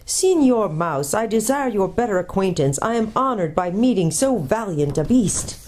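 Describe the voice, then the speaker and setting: A woman's voice: mid-range voice, animated, normal speed, darkish tone, a little hiss or hum, voice pushed up, natural voice. A woman voicing an old male tutor, learned and kindly, courtly and precise as he explains, in a storybook reading. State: out of breath from hurrying.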